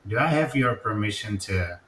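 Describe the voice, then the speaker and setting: A Czech-accented man speaks as a podcast guest, deliberate and good-humoured. His voice sits low but sounds bright. He is heard from a distance, in a room full of echo. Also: lively intonation, a little hiss or hum. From Czech Republic. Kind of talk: podcast interview. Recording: echoey, distant from the mic.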